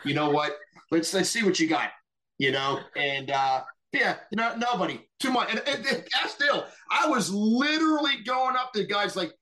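A middle-aged man telling war stories on a podcast in a casual, profane and animated way, acting out what others said. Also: high-pitched, moderate pace. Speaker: podcast guest. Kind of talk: casual storytelling.

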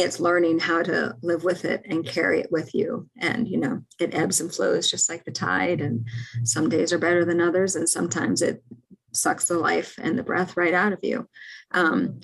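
A woman's voice: fairly low pitch, creaky, slightly rough, low-quality recording. A woman speaking as a podcast guest, talking in a reflective, earnest way. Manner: reflective, earnest, with many fillers. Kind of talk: casual podcast conversation.

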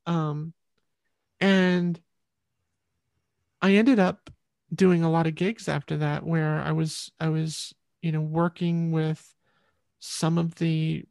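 A woman's voice: sits low, little pitch movement, slow, gravelly, pauses often, a little mellow, dry recording, clean studio sound. A woman musician, a guest in an interview, telling her story in a rambling, reflective way.

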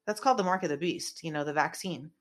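A woman's voice: sits low, fast talker. Rambling woman host with conspiracy talk. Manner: rambling, conspiratorial, with frequent fillers. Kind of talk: casual political commentary. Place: small indoor room.

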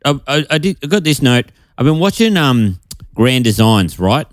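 A man co-hosting a comedy podcast over a video call, rambling and stammering as he pitches a joke, often laughing at himself. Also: big pitch swings, normal speed, dry recording, clean studio sound. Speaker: podcast co-host. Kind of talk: casual comedy chat.

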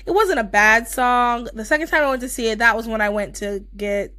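Gushy young podcast girl, kinda high voice, lots of "like" and "um". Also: brisk, pushed and bright, dry recording. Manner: chatty, gushing, lots of fillers. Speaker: podcast co-host. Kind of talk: casual chat.

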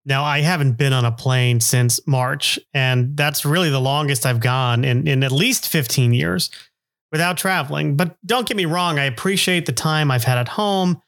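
A man's voice: fairly high pitch, normal speed, a bit bright. A middle-aged man hosting a podcast, narrating casually in a rambling, self-deprecating way with many fillers. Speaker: podcast host.

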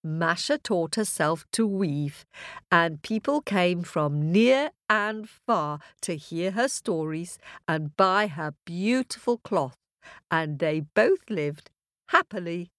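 A woman storyteller narrating a fairy tale for children, expressive and with chanted sound effects. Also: lowish voice, slow, no echo, studio quality.

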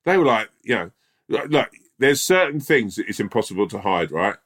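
A man co-hosting a podcast, telling stories in an animated, emphatic, sweary way in casual chat. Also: fairly low pitch, a little fast. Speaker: podcast co-host.

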